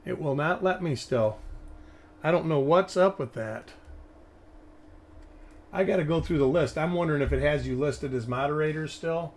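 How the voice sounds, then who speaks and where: Slightly high-voiced male stream host. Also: normal speed, pauses often. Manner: thinking aloud, rambling while examining coins. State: hiccups. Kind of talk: casual live-stream commentary.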